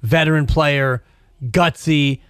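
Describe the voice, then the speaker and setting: A man's voice: on the high side, fairly even intonation, takes it slowly, fairly bright tone, smooth, no room sound. A man hosting a sports talk show, chatting casually and reading quotes aloud with dry asides.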